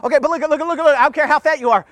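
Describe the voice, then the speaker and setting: A man giving a rambling devotional talk, stammering and repeating himself with animated asides. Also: very high-pitched, racing, no room sound. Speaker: devotional podcast host.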